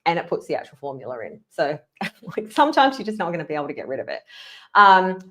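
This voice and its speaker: A woman with an Australian accent talks through her work habits in a relaxed solo podcast. Her voice sits a little low, and she keeps it chatty, laughing easily and slipping into exaggerated impressions of replies. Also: fast, slight background noise. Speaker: podcast host. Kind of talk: casual solo podcast talk.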